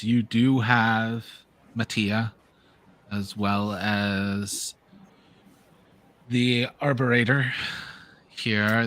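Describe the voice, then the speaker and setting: A man narrating and running a tabletop game as game master, calling rolls and laughing with players. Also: on the low side. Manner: animated, laughing narration with rules calls.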